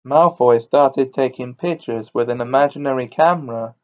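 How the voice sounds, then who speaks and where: A man's voice: mid-range voice, moderate pace, lo-fi sound. A man reading a novel aloud carefully, sometimes stopping to correct his own words. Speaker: reader.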